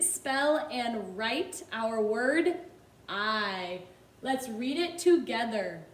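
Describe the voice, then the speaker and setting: A woman teaching a phonics lesson to young children, drawing out sounds in a slow sing-song manner. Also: fairly high pitch, echoey room. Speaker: kindergarten teacher.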